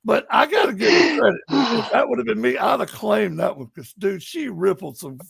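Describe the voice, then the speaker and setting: Male investigator, lively high voice, animated storyteller. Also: normal speed, creaky, very noisy. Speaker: paranormal investigator. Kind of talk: casual storytelling on a live stream.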